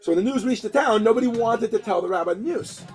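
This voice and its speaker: A man's voice: sits high, fast talker, darkish tone, rough recording. A man teaching a lesson, telling a story and acting out the characters with many restarts.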